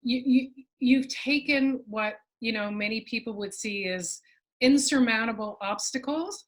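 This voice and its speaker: A woman's voice: on the high side, unhurried. A woman hosting an interview, affirming and summing up her guest's story. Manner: affirming, summarizes the guest's points. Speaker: interview host.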